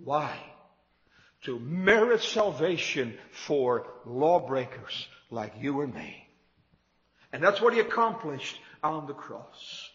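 A man's voice: a little high, big pitch swings, takes it slowly, fairly bright tone, long reverb tail, muffled recording. A man preaching a sermon to his congregation, emphatic and repetitive, building his points with rising emphasis. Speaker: pastor.

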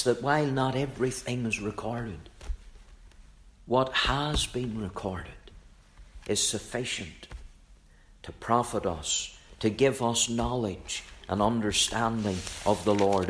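A man preaches a sermon at an unhurried pace, pressing his points home through repetition. His voice sits on the low side. A faint noise runs under the recording. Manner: measured, emphatic preaching with repeated phrases.

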